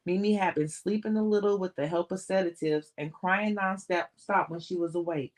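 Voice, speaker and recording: A woman reading a novel aloud on a livestream, steady and plain, sometimes restarting a word. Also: lowish voice, normal speed. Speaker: audiobook reader.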